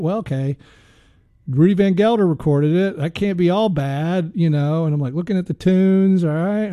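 A man's voice: fairly high pitch, mellow, no echo, studio quality. A man hosting a jazz radio show, chatting casually about records in a rambling, easygoing way with lots of trailing fillers.

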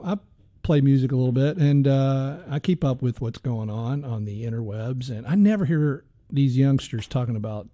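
A man's voice: mid-range voice, mellow, no echo, clean studio sound. A middle-aged man hosting a jazz radio show, chatting casually in a rambling, folksy way with plenty of fillers.

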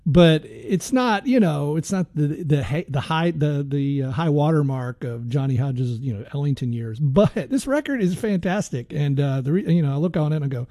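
A man's voice: on the high side, animated, moderate pace, few pauses, warm tone, dry recording, clean studio sound. A man hosting a jazz radio show, chatting casually about records in a rambling, easygoing way with lots of trailing fillers.

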